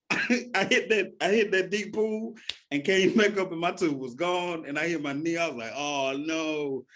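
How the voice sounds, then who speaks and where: A man's voice: high-pitched, moderate pace, fairly bright tone, slight background noise. A man telling a personal story in a casual way, often laughing and acting out quoted voices.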